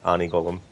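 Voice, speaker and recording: A young man streaming a game, chatting casually with viewers in a rambling way, with lots of ums. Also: low voice. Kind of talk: casual live-stream gameplay chat.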